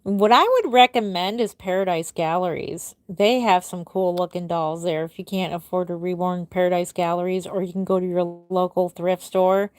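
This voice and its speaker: A woman's voice: moderate pace, hardly any pauses, clear, resonant tone, no echo. Chatty middle-aged woman on a dry live stream. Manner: chatty, answers viewers one by one, drifts soft and low at the ends of thoughts. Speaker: reborn doll artist hosting a live stream. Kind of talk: casual live-stream chat reading viewer comments. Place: home room with the dolls.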